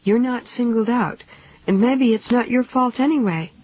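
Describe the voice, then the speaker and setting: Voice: mid-range voice, normal speed, darkish tone, voice pushed up, close to an everyday voice. A reader voicing a frightened adult housewife who pleads in a raised, strained voice. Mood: pleading. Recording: dull lo-fi 1970s audiobook tape.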